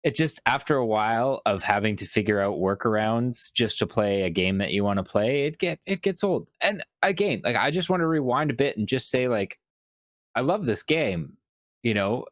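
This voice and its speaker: A man co-hosting a casual gaming podcast, talking in a thoughtful, measured way with many fillers. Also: mid-range voice, expressive, dry recording. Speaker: podcast co-host. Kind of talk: casual chat.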